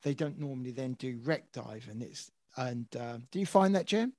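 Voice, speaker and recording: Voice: mid-range voice, lively intonation, normal speed, dark tone, dry recording. A podcast co-host asking questions in a casual interview, hesitant with restarts.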